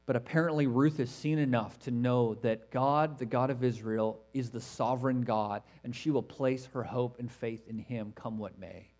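Emphatic male preacher, hushed to forceful. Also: medium pitch. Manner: emphatic, swings between loud stresses and hushed asides; conversational, with fillers and self-corrections. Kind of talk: expository sermon.

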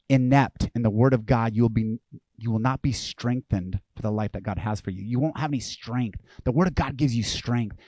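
A male pastor delivering a lively, conversational sermon, acting out the voices of people he quotes. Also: mid-range voice, no room sound.

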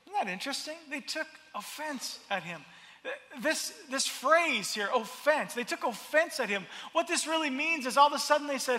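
A man preaching a sermon, expressive and repeating his words as he builds each point. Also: high-pitched, moderate pace, in a large hall. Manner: expressive, acts out crowd voices, repeats words. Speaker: pastor.

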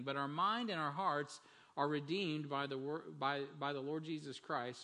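Pastor guy preaching a sermon, bright forceful voice, lots of restarts and uhs, long church reverb. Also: mid-range voice. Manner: conversational preaching with frequent restarts and fillers. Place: church sanctuary.

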